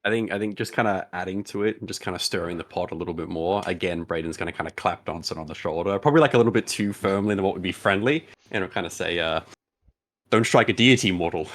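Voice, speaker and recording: A man's voice: sits low, quick pace, hardly any pauses. A man player narrating his character's actions at a tabletop game, with many hesitant fillers.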